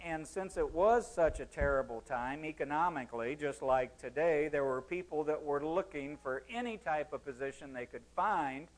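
A man preaching a sermon, telling an illustrative story and quoting writers, with dramatic swings in loudness. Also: fairly high pitch, normal speed, few pauses, poor audio.

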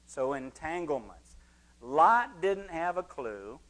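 Fairly high-voiced male preacher. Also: expressive, slow pace, fairly bright tone, poor audio. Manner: expository preaching, acting out quoted voices. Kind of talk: sermon.

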